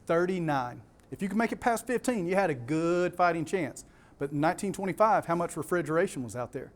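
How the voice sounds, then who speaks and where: A man's voice: on the high side, lively intonation, a little fast. A man with a Southern US accent giving a keynote talk to a live audience, emphatic, repeating key words and putting questions to the crowd. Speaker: conference speaker.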